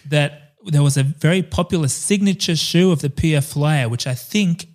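A man's voice: on the high side, normal speed, darkish tone. A man co-hosting a podcast, chatty and jokey, swearing and laughing often. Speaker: podcast co-host. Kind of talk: casual chat.

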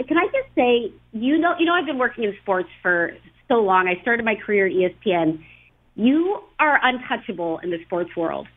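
Female call-in guest, effusive and tumbling, husky voice over a phone line. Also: mid-range voice. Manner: effusive, gushing, stumbling over words. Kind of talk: casual chat.

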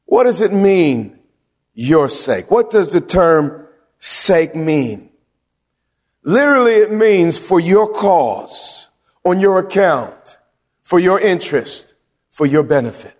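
Male pastor, high voice, call-and-response preaching, long church-hall reverb. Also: lively intonation, slow pace. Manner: preaching with call-and-response questions, rising to shouts. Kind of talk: sermon.

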